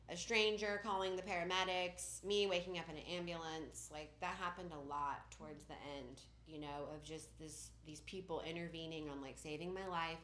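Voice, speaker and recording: A woman's voice: low-pitched, a bit bright. Candid woman telling her story, roomy echo. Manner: casual, candid storytelling full of "like" and "you know". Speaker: speaker at a recovery meeting. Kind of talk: personal recovery testimony. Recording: roomy echoing room.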